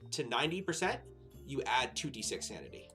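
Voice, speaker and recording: A man's voice: mid-range voice, wildly swooping pitch, brisk, over music. A man running a tabletop horror game as game master, describing scenes and rules with many fillers. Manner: rambling with frequent fillers and laughs.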